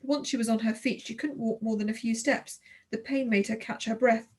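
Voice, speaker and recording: A woman narrating a children's audiobook in the first person, with expressive storytelling. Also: fairly high pitch, brisk, slightly rough.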